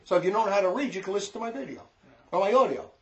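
A man with a New Jersey accent lectures on faith in an emphatic, repetitive way, pressing his points again and again. His voice sits a little higher than most men's. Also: lively intonation, dull audio. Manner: emphatic, repetitive, quick to scold. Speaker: religious teacher. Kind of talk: informal religious lecture.

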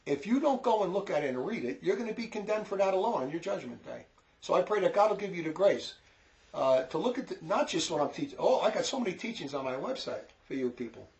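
A man with a New Jersey accent lectures on faith in an emphatic, repetitive way, pressing his points again and again. His voice sits a little higher than most men's. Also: sing-song, darkish tone. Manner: emphatic, repetitive, quick to scold. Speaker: religious teacher. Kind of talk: informal religious lecture.

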